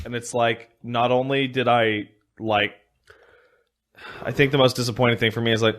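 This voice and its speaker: A man's voice: mid-range voice, flat delivery, moderate pace, a bit bright. A man co-hosting a podcast, casual chat with dry joking asides. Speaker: podcast host.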